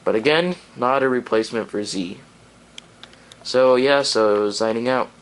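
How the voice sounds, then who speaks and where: A man's voice: medium pitch, unhurried, slight background noise, low-quality recording. A man giving a casual video review, rambling and enthusiastic, with lots of fillers and restarts. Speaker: anime reviewer.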